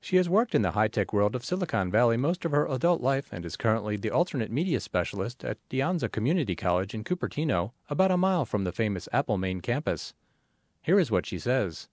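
A man reading a magazine article aloud in a measured, expressive way, as scripted narration. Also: mid-range voice, dry recording, clean studio sound.

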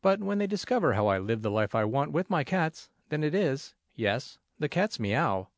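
Male reader for a first-person essay: earnest, gently humorous, animated pitch, dry close sound. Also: normal speed, no room sound. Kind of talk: reading a personal essay aloud.

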